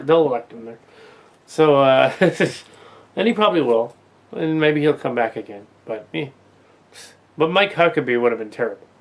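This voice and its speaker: A man's voice: on the high side, vocal fry. A man hosting a casual political commentary monologue, rambling with frequent restarts and laughing at his own jokes. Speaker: host.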